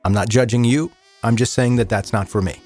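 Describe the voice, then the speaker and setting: Male true crime podcast host over soft music. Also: mid-range voice. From American South. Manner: measured, somber storytelling then relaxed and chatty. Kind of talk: true crime narration and casual listener chat.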